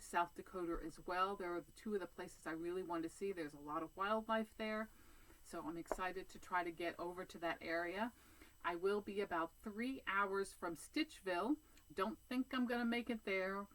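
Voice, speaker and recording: A woman's voice: lowish voice, a bit bright, a little hiss or hum, low-quality recording. A woman chatting casually to her viewers as a cross-stitch vlogger, sitting outdoors, rambling along with many fillers and restarts. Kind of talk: casual vlog chat.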